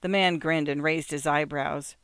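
A man narrating an audiobook in a measured, even storytelling manner. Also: a little high, smooth, no room sound, clean studio sound.

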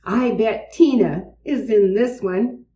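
A woman's voice: a little high, slow, dark tone. Woman doing an eager bossy little girl. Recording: roomy, distant mic.

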